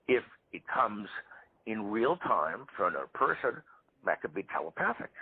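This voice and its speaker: A man in his seventies, a parapsychologist guest, telling stories in a lively way in a live interview. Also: lowish voice, breathy edge. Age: 70s. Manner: animated storyteller. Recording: tinny phone-line audio.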